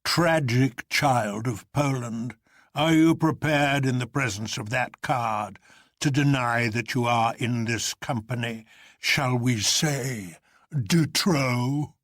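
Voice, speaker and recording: A man's voice: medium pitch, takes it slowly, fairly bright tone, no echo, studio quality. A man voicing a huge, commanding older man who presides over an anarchist council, drawling with grand mockery.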